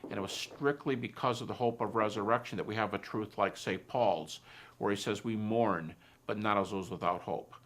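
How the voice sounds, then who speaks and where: Soft-spoken, reflective man, lowish voice. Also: moderate pace, a little hiss or hum. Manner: reflective, retelling conversations in dialogue. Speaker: Christian philosopher giving a talk. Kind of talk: personal testimony in a talk.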